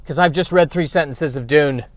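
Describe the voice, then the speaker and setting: A man hosting a solo comedy podcast from his car, wry and self-deprecating, breaking into loud exasperated rants. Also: a little high, normal speed. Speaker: podcast host. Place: in a car while driving and parking.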